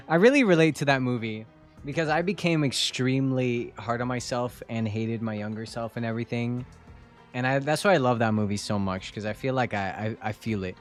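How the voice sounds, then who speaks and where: A man's voice: medium pitch, normal speed, soft background music. A young man streaming a game, chatting casually with viewers in a joking, self-mocking way. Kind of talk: casual live-stream chat while gaming.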